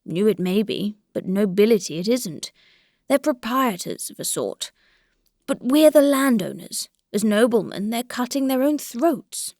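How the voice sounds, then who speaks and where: A woman voices an elderly, grey-whiskered country landowner, her delivery measured, thoughtful and a touch grumbling. Her pitch sits slightly high, and the tone is expressive and somewhat mellow. The recording is dry.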